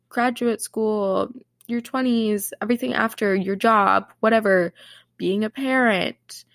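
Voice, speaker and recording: Bubbly young woman, nasal, gravelly edge. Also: mid-range voice, dry recording, clean studio sound. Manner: bubbly, chatty, full of "like". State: nasal from allergies. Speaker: podcast host. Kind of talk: casual solo podcast chat.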